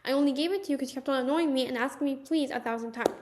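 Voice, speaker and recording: Young woman doing a storytime vlog, talks quick, says like a lot. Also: high voice, slight background noise. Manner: chatty, animated storytelling with many "like"s. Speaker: vlogger. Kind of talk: casual storytime.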